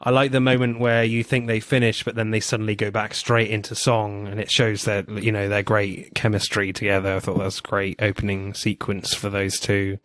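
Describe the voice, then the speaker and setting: A man's voice: on the low side, little pitch movement, a little fast, hardly any pauses, a bit bright, dry recording, studio quality. A man co-hosting a podcast, reviewing films in casual chat, laughing often and swearing freely. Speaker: podcast co-host.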